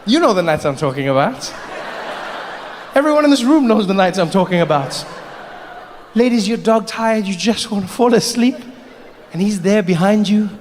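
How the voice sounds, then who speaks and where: A man performing a stand-up comedy set, animated and playful, on a large theater stage. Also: high-pitched, moderate pace, pauses often. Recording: long hall reverb, faint noise.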